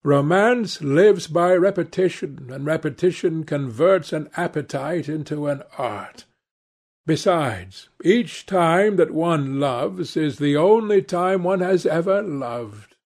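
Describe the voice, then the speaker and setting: A worldly aristocratic lord who drawls out clever paradoxes, as a male reader voices him. Slow, unhurried delivery with a creaky rasp under it. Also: on the high side, animated, darkish tone, voice pushed up, full character voice. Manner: languid, epigrammatic, worldly.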